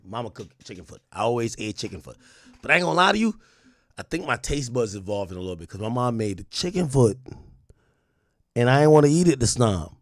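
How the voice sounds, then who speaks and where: A man chatting to his livestream audience in a casual, slangy way, with plenty of profanity. His pitch swings widely as he tells stories. The sound is dry and close. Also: fast, dry recording. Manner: animated storytelling with slang and profanity. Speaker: streamer.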